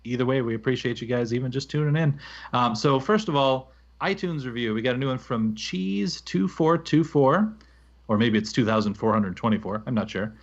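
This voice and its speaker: A man co-hosting a gaming podcast, reading listener reviews aloud in a relaxed, rambling way with fillers. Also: medium pitch, normal speed. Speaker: podcast co-host. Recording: slightly dull lo-fi audio.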